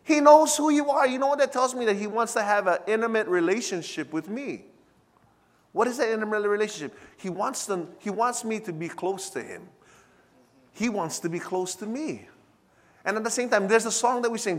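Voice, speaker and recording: A man preaching a sermon, calling out to the congregation and swinging from hushed to loud. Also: sits high, animated, normal speed. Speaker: pastor. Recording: long hall reverb.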